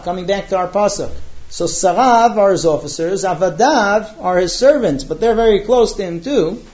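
A man with a high voice teaches a Torah class. He intones the Hebrew verses slowly and then retells them in lively story form with voiced dialogue. The recording sounds dull and lo-fi.

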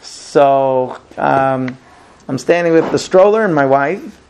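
A man's voice: medium pitch, expressive, takes it slowly, darkish tone, a little hiss or hum. A middle-aged man giving a Torah class, telling stories emphatically with frequent restarts. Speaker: Torah teacher.

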